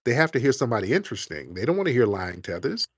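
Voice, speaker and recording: A man hosting a live call-in stream, arguing back at callers with rapid-fire mocking insults. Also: mid-range voice, very animated, husky, dry recording, studio quality. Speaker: host.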